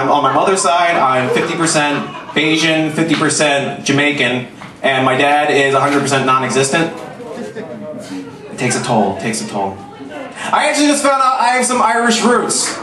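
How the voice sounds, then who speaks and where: A man in his twenties doing a stand-up comedy set, self-mocking and punchy, dropping into low asides. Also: a bit bright, recorded from a distance. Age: 20s. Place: comedy club stage. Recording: echoey club recorded from afar.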